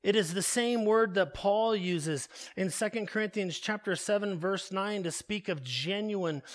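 A man preaching a sermon, slow and deliberate, repeating his key phrases for weight. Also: high-pitched.

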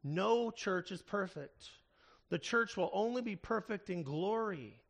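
Preaching with earnest, steady conviction, this man has a slightly high voice for a man, roughened by gravelly fry. When a word matters, he drops to a slow pace and leans hard on it.

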